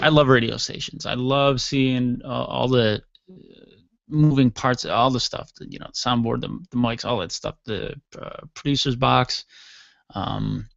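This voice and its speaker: A man's voice: medium pitch, vocal fry, fairly bright tone, no echo, highs cut off. A man hosting his own podcast from a basement studio, rambling casually with jokey asides and yawning from tiredness. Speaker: podcast host. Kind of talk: casual solo podcast talk.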